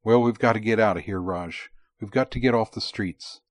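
A man's voice: fairly low pitch, normal speed, dry recording, close to an everyday voice. A man reading an urgent, practical street-wise man.

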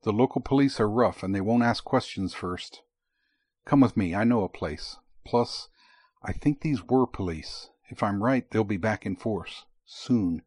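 A man voicing an urgent, practical man who knows the streets, talking in a hurried, low way. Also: darkish tone, no echo.

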